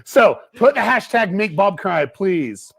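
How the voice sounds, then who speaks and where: A man hosting a livestream, telling a story with lively quoted dialogue. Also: high-pitched, unhurried, creaky. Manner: animated storyteller, quoting others. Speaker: livestream host. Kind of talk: excited livestream chat.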